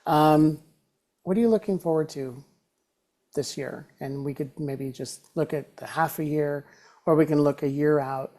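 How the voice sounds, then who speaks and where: A woman's voice: low voice, unhurried, mellow. A woman hosting a podcast, asking encouraging questions. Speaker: podcast host. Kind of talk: casual interview conversation.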